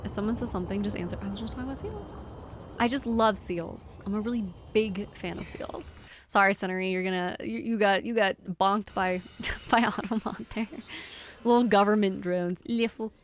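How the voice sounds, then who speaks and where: A woman's voice: mid-range voice, steady tone, moderate pace, background noise. Giggly rambling woman streamer. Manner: rambling, giggly, talks to chat. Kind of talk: casual live-stream chatter while gaming.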